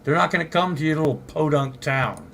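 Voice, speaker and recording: A man's voice: fairly high pitch, brisk, creaky, fairly bright tone, a little hiss or hum. An older man from Southern California hosting a late-night livestream, rambling profanely and answering his chat. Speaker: livestream host.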